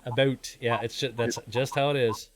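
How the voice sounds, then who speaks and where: Man, 40s, stream host, chatty, rambling, self-deprecating, mid-pitched voice. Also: steady tone, moderate pace, a loud crowd. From born in Canada, raised in the US. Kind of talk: casual live-stream chat.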